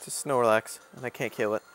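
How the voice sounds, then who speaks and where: A man talking through his gameplay in a loose, offhand way, now and then grumbling at the game. His voice sits at an ordinary middle pitch. Faint game music plays softly behind him. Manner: offhand, chatty, mildly grumbling. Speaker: Let's Play host. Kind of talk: casual gameplay commentary.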